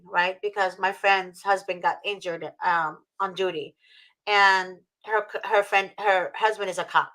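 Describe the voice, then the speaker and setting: A woman's voice: medium pitch, a bit bright, low-quality recording. A woman from Egypt chatting casually as host, emotional and gushing, with many fillers and restarts. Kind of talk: casual video-call chat.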